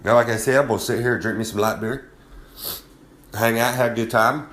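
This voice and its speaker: A rowdy man with a drawl rambles through a brash wrestling promo. His voice sits at an ordinary pitch, loose and folksy, trading polish for swagger. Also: fairly even intonation, brisk, a bit bright. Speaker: wrestler segment host. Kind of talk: brash promo-style monologue.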